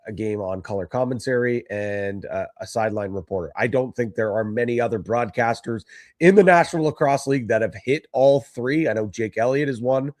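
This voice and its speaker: A mid-pitched man, a lacrosse broadcaster, talks as a guest in a measured, articulate way. His voice is plain and even, recorded dry with no room sound. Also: dry recording. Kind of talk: casual sports talk.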